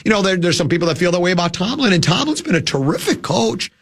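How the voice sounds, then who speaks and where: A man hosting a sports talk radio show, sounding lower than usual from a cold, rambling and restarting his sentences. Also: sing-song, fast. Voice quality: usually whiny and nasal.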